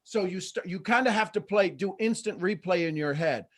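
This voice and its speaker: Animated man coaching a live call. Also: high voice, normal speed. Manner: animated, acts out quoted voices. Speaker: host and coach.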